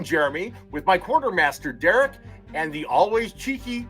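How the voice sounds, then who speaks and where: Playful guy hosting a pirate-themed money show, kinda high voice, bouncy. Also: moderate pace, husky, soft background music. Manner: playful, lively, reacts with disbelief. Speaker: host.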